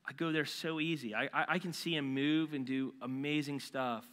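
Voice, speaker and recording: A man preaching a sermon as a pastor in a casual, animated way, full of slangy asides. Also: medium pitch, moderate pace, few pauses, clear, resonant tone. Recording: long reverb in a large hall.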